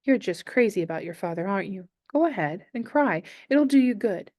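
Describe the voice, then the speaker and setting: A woman voicing a kind teenage boy who speaks gently and reassuringly. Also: mid-range voice, lively intonation, a little fast, dry recording, clean studio sound, natural voice. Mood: gentle.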